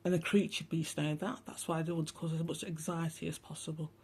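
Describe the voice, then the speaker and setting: A woman's voice: deep voice, flat delivery, fairly quick, darkish tone, breathy edge. A woman hosting a rambling, casual spiritual monologue, talking bluntly, swearing often and turning sarcastic. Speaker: spiritual channel host.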